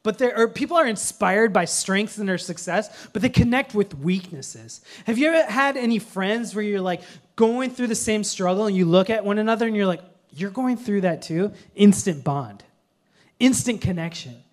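A man preaching a sermon in a conversational way, mixing humorous family stories with earnest teaching and swinging from hushed lines to loud ones. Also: high voice, expressive, normal speed. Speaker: pastor.

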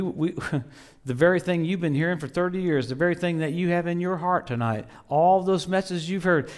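Middle-aged male preacher, high-pitched, animated storyteller, loud peaks and hushed asides. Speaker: visiting preacher. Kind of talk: storytelling sermon.

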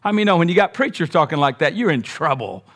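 Male pastor preaching emphatically, high voice, rhetorical questions throughout. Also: sing-song, quick pace, a bit bright. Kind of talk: sermon.

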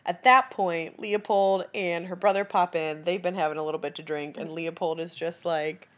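Woman, chatty co-host with a slightly low voice, retells scenes with playful acted-out lines. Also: normal speed. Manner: animated, heavy use of "like", acts out quotes. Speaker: podcast co-host. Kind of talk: casual chat recapping a film.

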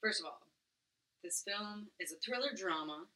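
A woman's voice: medium pitch, lively intonation, moderate pace, pushed and bright, distant mic, rough recording. A woman co-hosting a casual podcast chat. She giggles often and trails off in the middle of her sentences. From United States. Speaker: podcast co-host.

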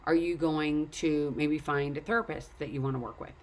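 A woman's voice: deep voice, fairly even intonation, moderate pace. A woman telling a story and earnestly urging the listener to take care of themselves. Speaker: speaker. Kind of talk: casual motivational talk.

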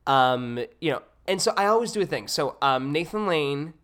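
A bright-voiced man talks eagerly on a podcast, rambling between thoughts. His tone is a little higher than most men's and has a tense edge. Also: animated, normal speed. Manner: enthusiastic, rambling, drops into impressions. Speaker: podcast co-host. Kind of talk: casual chat.

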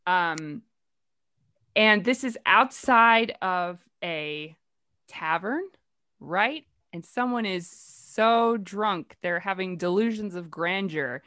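A woman's voice: fairly low pitch, expressive, takes it slowly, sharp tone. A woman hosting a play-reading group, chatty and rambling with lots of fillers. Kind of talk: casual talk.

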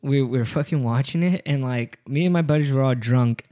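Animated, swearing young man telling stories. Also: medium pitch, fairly quick. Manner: animated storyteller, swears a lot, acts out quotes. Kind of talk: casual chat.

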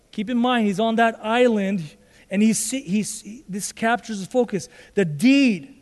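A male pastor delivers an emphatic sermon, driving his points home with repeated rhetorical questions. His voice sits very high for a man. It rings out with a long reverb, as if in a large church sanctuary. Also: a little mellow.

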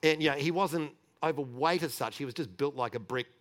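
A man's voice: a little high, a little fast, fairly bright tone. Candid, chatty male preacher telling stories. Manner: chatty and candid, with frequent restarts and light laughter. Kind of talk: conversational sermon storytelling.

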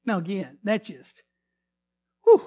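A man's voice: high-pitched, wildly swooping pitch, slow pace. A male pastor preaching a sermon who retells a story dramatically and often restarts or repeats his words. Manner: dramatic storytelling, swinging between loud emphasis and hushed tones.

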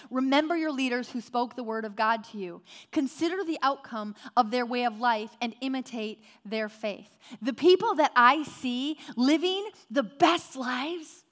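A middle-aged woman pastor giving a sermon and telling lively personal stories. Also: a little high. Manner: storytelling, animated.

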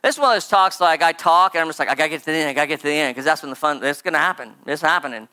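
A preacher giving a casual, conversational sermon, rambling and animated with lots of "like" and "right?" asides. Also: mid-range voice, rapid-fire, clean tone.

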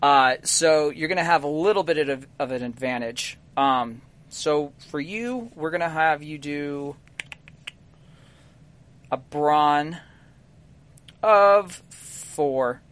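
Man, game master, slightly high voice, halting, filler-heavy narration. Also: lively intonation, fairly bright tone.

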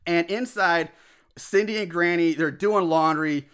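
A man casually recapping a film plot as a podcast host, animated, acting out shouted lines and laughing often. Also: a little high, unhurried, clean tone. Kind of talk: casual chat.

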